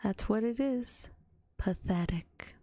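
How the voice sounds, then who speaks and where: A gloomy old donkey, voiced by a woman, drones slowly and mournfully. The whispered role-play sits lower than her usual voice and sounds dry. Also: dark tone, no room sound.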